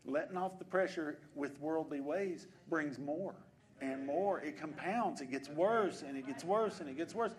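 High-voiced preacher. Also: male voice, moderate pace. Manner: swings from quiet conversational asides to loud exhortations. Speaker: pastor. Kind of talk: sermon. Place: church. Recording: congregation answering in the background. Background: congregation responding.

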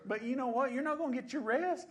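A male preacher with an extremely high voice talks fast while giving a church sermon. He repeats phrases and poses rhetorical questions, starting soft and then building.

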